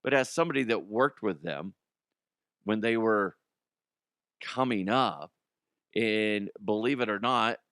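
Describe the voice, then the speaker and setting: A man's voice: lowish voice, measured pace, pauses often, a bit bright, clean tone, no room sound, clean studio sound. A man hosting a comedic sports talk show, rambling and profane, slipping into mock impressions.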